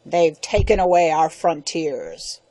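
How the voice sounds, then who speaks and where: A woman reading an audiobook, voicing a stubborn old grandfather who talks slowly and mournfully. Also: low voice, mellow, no room sound.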